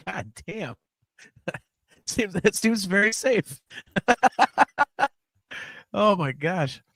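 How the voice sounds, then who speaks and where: Male podcast host, slow speech, dry close sound, quick to laugh, reads listener questions. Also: high-pitched, lively intonation, fairly bright tone, dry recording. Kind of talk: casual chat.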